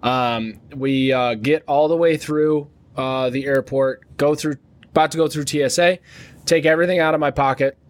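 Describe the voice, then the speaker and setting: A man's voice: fairly high pitch, steady tone, normal speed. A man co-hosting a podcast, telling a crude, rambling travel story with lots of fillers and jokes. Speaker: podcast co-host. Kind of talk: casual storytelling.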